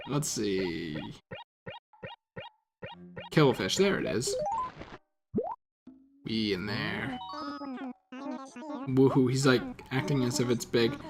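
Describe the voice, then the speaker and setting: A man's voice: medium pitch, expressive, takes it slowly, pauses often. A man giving casual gameplay commentary, rambling, stumbling over his words and swearing offhandedly. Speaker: let's play gamer. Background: video game music.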